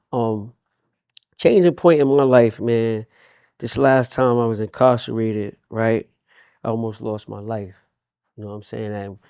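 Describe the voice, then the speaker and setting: Streetwise New man, dark voice. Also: on the low side, no room sound. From Queens, New York. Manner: streetwise, repeats words for emphasis. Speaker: union leader guest. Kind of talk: casual interview talk.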